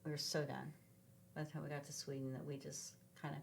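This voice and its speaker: A middle-aged woman from Sacramento, a podcast guest, telling rambling, animated travel stories in a casual chat with lots of ums. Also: deep voice, fast talker, creaky. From Sacramento, California. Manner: rambling, animated travel anecdotes with many fillers. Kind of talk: casual conversational storytelling.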